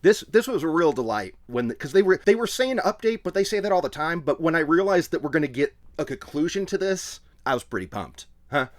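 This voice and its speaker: Male podcast co-host, slightly high voice, lively and expressive delivery. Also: a little fast, hardly any pauses. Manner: animated, laughing, mimics quotes. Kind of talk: casual chat.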